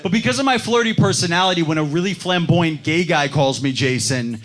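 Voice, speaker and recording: A young man doing a stand-up comedy set on a club stage, telling self-mocking stories with animated delivery. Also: fairly high pitch, brisk. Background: audience laughter.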